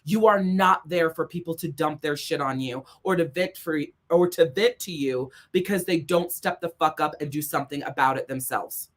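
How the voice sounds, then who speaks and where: A woman's voice: low voice, moderate pace, few pauses. Woman life coach delivering a blunt, profane motivational talk that hammers its points home. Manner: blunt, emphatic, heavy swearing; repeats points for emphasis. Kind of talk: motivational monologue.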